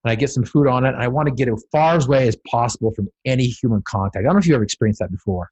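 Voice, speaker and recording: A man's voice: mid-range voice, very fast, darkish tone, slightly rough, highs cut off. A man speaking as a podcast guest, telling a personal story with dramatic, building emphasis.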